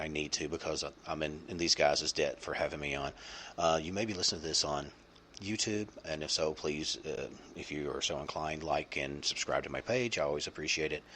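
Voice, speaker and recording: Man, podcast host, deep voice, rambling casual talk, faint background hum. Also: bright, forceful tone. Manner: rambling, many fillers and restarts. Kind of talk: casual chat.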